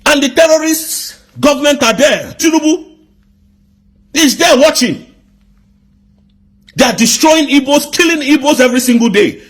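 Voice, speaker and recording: A man's voice: extremely high pitch, animated, normal speed, long pauses. A man with a Nigerian accent delivering an angry political rant, firing off indignant rhetorical questions. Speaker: commentator.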